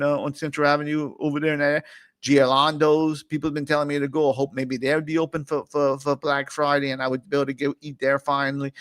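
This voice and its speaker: A man's voice: medium pitch, dry recording. A middle-aged man, hosting a casual, rambling food chat stream and laughing often. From New Orleans area. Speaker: host.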